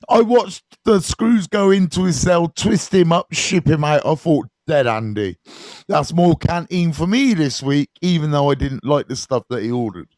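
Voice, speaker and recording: A man, a recovery mentor telling stories to viewers on a live stream, casual and animated, swearing freely and often checking in with his listeners. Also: fairly high pitch, no echo. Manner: animated, swears freely, keeps checking in with "right?" and "you know what I mean".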